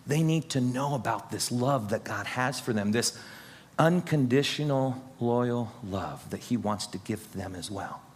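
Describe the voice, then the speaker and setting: A man's voice: mid-range voice, a little slow, slight background noise. A man pastor preaching an earnest, encouraging sermon straight to his congregation. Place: church sanctuary. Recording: husky voice in a long-reverb hall.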